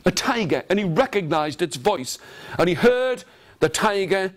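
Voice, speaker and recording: Animated male storyteller leading a workshop. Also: high voice, normal speed. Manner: animated and theatrical, leading the audience in call-and-response. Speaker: storyteller and teacher trainer. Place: large room with a live audience.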